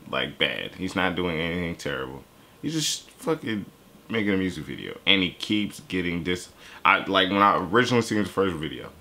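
Deep, lively young man reacting. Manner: loose, profane, animated talk with laughs. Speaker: YouTube reaction host. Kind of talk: casual reaction commentary.

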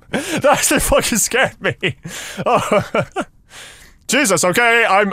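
A young man comments on a horror game as he plays it, mocking the game and cursing freely. His voice sits high and swings widely in pitch. He breaks into nervous laughs and jumpy yelps. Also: big pitch swings, slow pace, long pauses, bright, forceful tone, dry recording. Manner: sarcastic, swearing, talking to the game. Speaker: gaming streamer.

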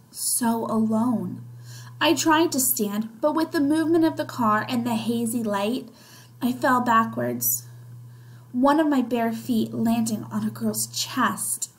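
A woman's voice: a little high, unhurried, rough recording. A woman reading a children's novel aloud, narrating expressively in the first person. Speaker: reader.

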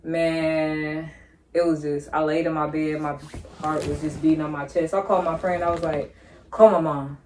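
A young woman guest telling a story in a casual chat, animated and acting out her own reactions. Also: low voice, moderate pace, a little hiss or hum.

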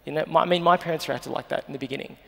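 A man's voice: on the high side, fairly even intonation, racing, creaky. A man with an Australian accent in his thirties, speaking earnestly and emotionally as a guest on stage. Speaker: journalist guest. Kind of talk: live stage interview. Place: festival stage. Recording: long hall reverb.

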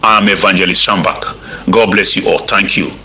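A Nigerian man, a self-styled evangelist, recording a threatening voice-note rant full of repetition, halting restarts and filler sounds. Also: low-pitched, steady tone, pushed and bright, low-quality recording.

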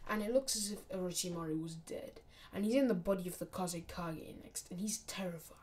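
A woman's voice: medium pitch, fairly quick, hardly any pauses, darkish tone. A young woman casually narrating a fan-made anime story, often dropping to a near whisper.

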